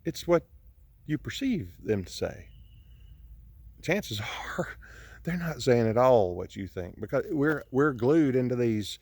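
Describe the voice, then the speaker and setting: A man's voice: mid-range voice, very animated, darkish tone, dry recording. A grieving man films himself outdoors on his property, talking in an earnest, preachy way that halts and restarts often. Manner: halting, with many restarts. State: grieving, emotional. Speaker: vlogger sharing a personal message. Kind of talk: emotional preachy monologue. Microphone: camera he films himself with.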